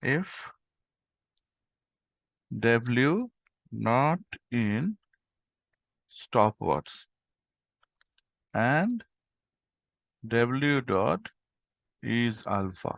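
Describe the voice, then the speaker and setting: A man teaching a coding lesson, thinking aloud as he types and filling pauses with okay and um. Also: mid-range voice, big pitch swings, creaky, no echo, clean studio sound. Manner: thinks aloud while typing, many fillers like okay and um. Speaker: programming tutor. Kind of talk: screen-recorded coding lesson.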